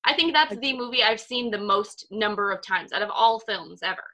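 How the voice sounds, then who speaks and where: A young woman in her twenties, co-hosting a casual chat over a video call, telling a story in an animated, fired-up way. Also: medium pitch, fairly quick. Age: 20s. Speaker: podcast co-host.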